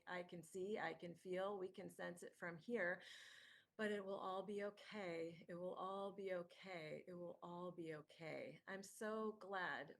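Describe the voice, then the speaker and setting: A woman's voice: on the low side, gravelly. A woman channeling a playful, loving departed spirit who jokes and keeps promising that all will be okay. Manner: jokey, reassuring, repeats comforting phrases.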